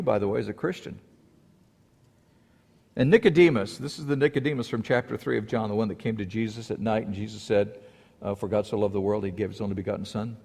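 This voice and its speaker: Animated preacher in an echoing hall. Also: male voice, on the low side, fast, vocal fry, slightly rough. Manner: lively storytelling, acting out quoted voices. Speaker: pastor. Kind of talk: sermon. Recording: long hall reverb.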